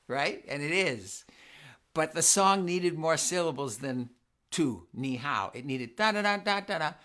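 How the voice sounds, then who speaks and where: Playful bright-voiced man leading a sing-along. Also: fairly high pitch, expressive, normal speed. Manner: playful, coaxing audience to repeat words. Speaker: children's singer and concert host. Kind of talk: live family sing-along concert chat. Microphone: home live stream.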